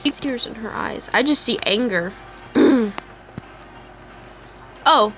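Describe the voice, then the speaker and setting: A woman's voice: fairly high pitch, lively intonation, slow pace, a bit bright, slight background noise. A woman playing a story game, reading its text aloud and chatting with giggly side comments. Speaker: let's play gamer.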